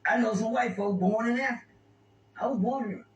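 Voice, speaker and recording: Brief: high-pitched man, stammering storyteller, recorded far off in a roomy space. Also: brisk. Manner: rambling, stammering with repeated words. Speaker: interview guest. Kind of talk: casual storytelling. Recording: echoey room, distant mic, faint noise.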